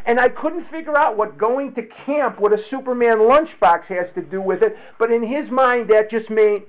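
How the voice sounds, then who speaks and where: A man sharing a candid personal story of recovery, slow and reflective, often repeating his words. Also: high-pitched, expressive. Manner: candid and confessional. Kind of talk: personal testimony to a group. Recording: tinny phone-like recording.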